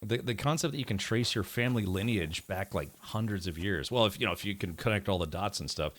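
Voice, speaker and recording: Rambling American streamer, low voice. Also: male voice, fairly quick, fairly bright tone. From United States. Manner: rambling, chatty, many fillers and restarts. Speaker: game streamer. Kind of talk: live gameplay commentary.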